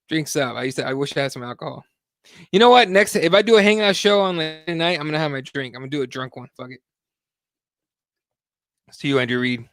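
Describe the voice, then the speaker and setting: A man's voice: fairly high pitch, fairly bright tone, dry recording, studio quality. A man hosting a live talk show, rambling and swearing a lot in a heated, casual chat. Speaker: host.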